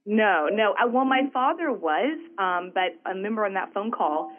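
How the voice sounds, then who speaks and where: A woman's voice: medium pitch, moderate pace, phone-quality sound. A woman from Houston with a Southern accent, telling stories animatedly as an interview guest. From Houston, Texas. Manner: animated, chatty, frequent "right?" asides. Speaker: guest, entrepreneur. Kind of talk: casual interview storytelling.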